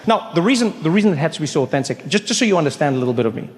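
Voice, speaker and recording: A man's voice: a little high, sing-song, rapid-fire, in a large hall. A man doing stand-up, telling a story in a playful, conversational way. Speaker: comedian.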